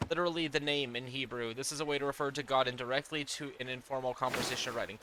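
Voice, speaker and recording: A man's voice: medium pitch, steady tone, rapid-fire, hardly any pauses, noisy background. A man hosting a game let's play, making casual, wry asides.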